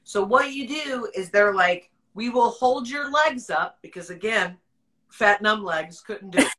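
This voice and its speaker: Bright, candid woman who laughs often. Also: medium pitch, animated, unhurried, rough recording. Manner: acts out quoted people in her story. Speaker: podcast host. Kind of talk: casual storytelling from a livestream.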